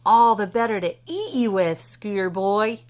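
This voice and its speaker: A woman's voice: on the low side, expressive, normal speed, lightly acted. A woman doing a mean monster truck bully. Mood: menacing.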